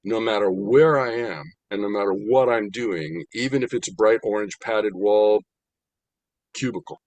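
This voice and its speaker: An older American man giving an animated, humorous talk about his spiritual path, slowing down to stress points. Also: on the low side, no echo. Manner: animated, humorous, slows down for emphasis. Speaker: spiritual speaker. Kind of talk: storytelling talk.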